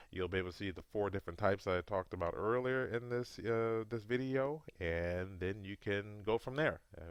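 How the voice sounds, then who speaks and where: A man with a low, smooth voice walks viewers through a marketing lesson in a loose, conversational way, often stopping to rephrase himself. The sound is dry and close, with no room around it. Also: a bit bright, dry recording. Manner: conversational, loose, repeats and self-corrects. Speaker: marketing officer giving a lesson. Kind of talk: casual video tutorial.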